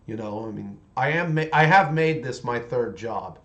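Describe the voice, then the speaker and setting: A man's voice: medium pitch, lively intonation, normal speed, a bit bright, muffled recording. A man in his forties chatting casually on a livestream while painting miniatures, rambling along with many restarts.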